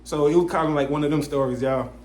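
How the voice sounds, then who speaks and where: A young male podcast host with a highish voice talks fast, animatedly acting out the people in a story he tells in casual chat. He quotes them and keeps saying "you know what I'm saying," and the sound is roomy.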